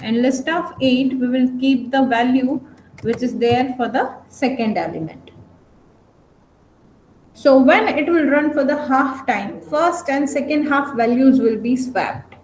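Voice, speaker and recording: A woman's voice: sits high, darkish tone. A woman teaching a programming class online, often stopping to check whether students follow. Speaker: programming lecturer. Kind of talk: online lecture. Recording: echoey room, faint noise.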